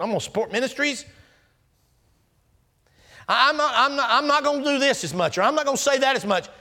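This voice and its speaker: A man putting on an evasive churchgoer who haggles with God, stammering one eager promise after another. The voice runs high and hurried. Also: pushed and bright, big-room sound.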